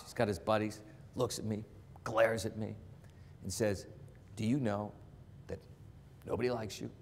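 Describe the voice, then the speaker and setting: A man in his forties from the Boston area, telling a motivational career story on stage and acting out the lines of the people in it. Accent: trained-out Boston accent. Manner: animated, acts out quotes, drops low for asides. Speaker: sportscaster speaker. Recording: long reverb of a large hall.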